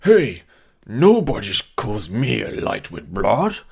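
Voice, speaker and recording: A belligerent drunk man, played by the narrator, booming deep and drawing each slurred word out slowly. He sounds loud and heavy. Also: huge pitch swings, gravelly, slight background noise, exaggerated voice. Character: big drunken male brawler.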